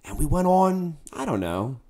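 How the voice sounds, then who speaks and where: A man, a musician, telling a tour story in casual chat, animated and bursting into loud quoted lines. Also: on the high side, normal speed.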